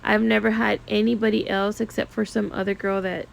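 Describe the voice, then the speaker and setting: A woman nail technician retells a client story in a loose, chatty way full of fillers. Her voice has a strong gravelly fry and sits in a middle pitch range. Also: flat delivery, brisk, slight background noise. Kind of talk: casual storytime vlog. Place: home studio.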